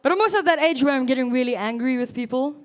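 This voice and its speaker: A woman's voice: high voice, racing, slight background noise. A South African woman in her thirties performing a chatty stand-up set, teasing the audience. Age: 30s. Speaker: stand-up comedian.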